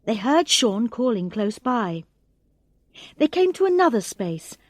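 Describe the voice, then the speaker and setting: A woman reads a graded English storybook at a very unhurried, careful pace. Her pitch sits a little high and moves a lot, rising and falling as she brings the characters' lines to life. The recording is dry and close. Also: no room sound. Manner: expressive, acts out the characters' lines. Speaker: audiobook reader. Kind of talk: slow, clear narration of a graded English reader.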